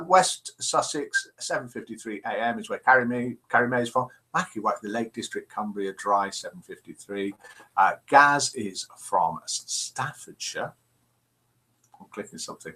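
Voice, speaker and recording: A man's voice: mid-range voice, bright, forceful tone. An older man hosting a live chat stream, reading out viewers' messages in a chatty, self-deprecating way with many "uh" fillers. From England. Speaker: host of a live chat show.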